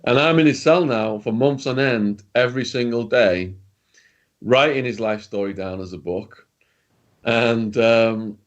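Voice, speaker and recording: A man's voice: on the low side, highs cut off. A British man telling stories as an interview guest, in a blunt, chatty way with slang and the odd swear word. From Britain. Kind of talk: casual storytelling in an interview.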